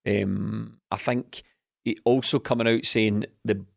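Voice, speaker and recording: Male co-host, mocking and lively, dry sound. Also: fairly low pitch, takes it slowly, vocal fry, dry recording. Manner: animated, mocking, laughs often. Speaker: podcast co-host. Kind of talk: casual football chat.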